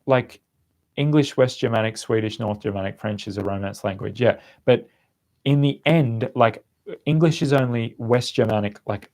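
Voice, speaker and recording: A man's voice: on the low side, gravelly, darkish tone. A young man hosting a casual live-stream chat, answering questions with lots of fillers and restarts. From Australia. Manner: rambling, many fillers and restarts. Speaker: language-learning channel host.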